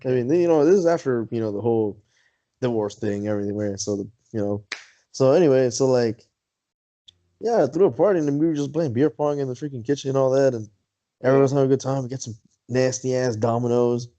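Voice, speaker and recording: Brief: man, casual podcast storyteller, warm mellow tone, profane and laughing, dull lo-fi recording. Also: medium pitch, brisk. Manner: swears a lot, laughs while telling stories. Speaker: podcast co-host. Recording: dull lo-fi sound.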